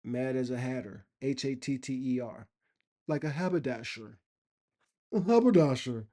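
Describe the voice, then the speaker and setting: A man's voice: mid-range voice, lively intonation, normal speed, mellow. A man vlogging in a rambling, opinionated casual monologue. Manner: rambling, opinionated, loose and conversational.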